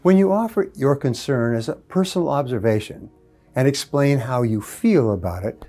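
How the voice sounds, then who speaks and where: A man's voice: medium pitch, dark tone. A man giving a motivational speech on speaking skills, stressing key words emphatically.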